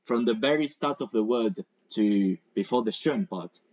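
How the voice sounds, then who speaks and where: A man whose first language is Spanish teaches English over a video call. He explains patiently with examples and drawn-out pronunciation. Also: on the low side, a little mellow, no room sound, dull audio. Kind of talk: online English lesson.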